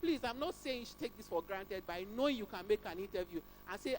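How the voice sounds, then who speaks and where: A woman, an HR specialist, giving a lively career talk at a job fair and acting out little dialogues with sudden jumps in her voice. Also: fast, hardly any pauses, a little hiss or hum, rough recording. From Nigeria. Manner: animated, acts out dialogues with emphatic pitch jumps. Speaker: HR specialist speaker.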